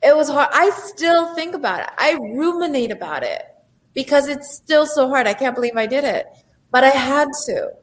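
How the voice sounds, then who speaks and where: Her voice sits high and moves at normal speed, with a little hiss or hum in the audio. This life coach and entrepreneur gives a lively, forceful motivational speech, performing the inner voices that run through people's minds.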